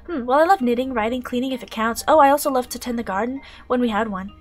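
A woman's voice: fairly high pitch, fast talker, soft background music, lightly acted. A woman voicing a sweet, doting female bee character in a game, sugary and possessive.

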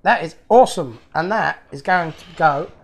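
A man's voice: fairly high pitch, expressive, normal speed, creaky, a little hiss or hum. A man hosting his own channel, chatting casually and with delight as he unboxes fan mail, chuckling often.

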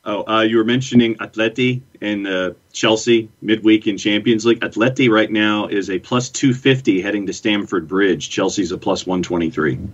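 Male co-host, husky and lowish, dull distant remote audio. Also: steady tone, moderate pace, hardly any pauses. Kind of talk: casual sports talk.

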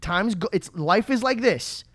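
A man's voice: sits high, lively intonation, unhurried, fairly bright tone, no room sound, studio quality. Passionate, swearing male podcast co-host. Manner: passionate, swears freely, stumbles over words when upset. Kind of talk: casual podcast chat.

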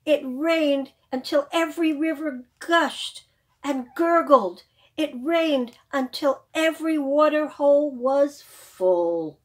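Expressive woman reading to small children. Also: high-pitched, slow pace, low-quality recording. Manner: expressive, sing-song storybook reading. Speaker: children's librarian. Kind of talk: storytime read-aloud for small children.

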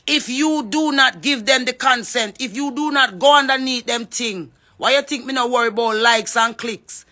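A woman's voice: fairly high pitch, moderate pace, sharp tone. A Jamaican woman giving an impassioned address, fervently calling on others by name to speak up. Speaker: reggae artist.

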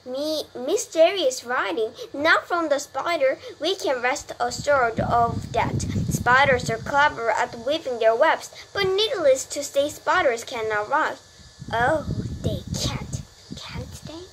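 A woman whose first language is Korean reads an English children's novel aloud slowly and carefully, backing up to restart words she trips on. Her voice sits fairly high, and clear background noise runs under the home recording. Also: a bit bright, poor audio. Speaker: parent reading to a child.

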